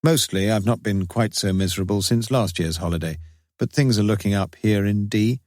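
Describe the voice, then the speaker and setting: A man's voice: fairly low pitch, moderate pace, darkish tone, no room sound, close to an everyday voice. A man reading a grumpy middle-aged male detective's postcard in a curt, dry, grumbling manner.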